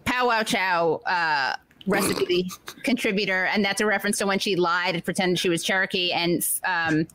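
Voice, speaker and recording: A woman hosting a casual political chat show, joking and sarcastic, with quick asides. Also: on the low side, fairly bright tone, a little hiss or hum, rough recording. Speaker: show host.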